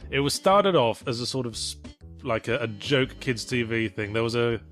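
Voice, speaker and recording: A man's voice: medium pitch, normal speed, fairly bright tone, soft background music. A man from Britain co-hosting a let's play, chatting with dry, crude humor. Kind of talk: casual gaming chat.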